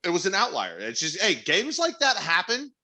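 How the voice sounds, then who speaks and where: This young podcast co-host has a high-pitched voice whose pitch swoops wildly, delivered at a moderate pace with a sharp tone. In casual chat he spins stories, cursing a lot and laughing throughout.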